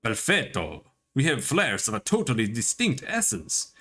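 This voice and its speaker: A man voicing an excitable female scholar who studies souls, giving eager, clipped instructions. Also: mid-range voice, moderate pace, full character voice.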